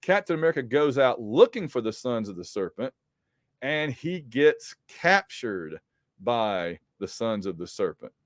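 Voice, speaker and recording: A man's voice: mid-range voice, big pitch swings, a little slow, dry recording. A man in a middle register talks through a comic story in a loose, conversational way, full of ums and restarts. His voice sits close and dry, with no room sound around it. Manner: rambling, with frequent ums and restarts. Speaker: comic book podcast host. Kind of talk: casual comic recap.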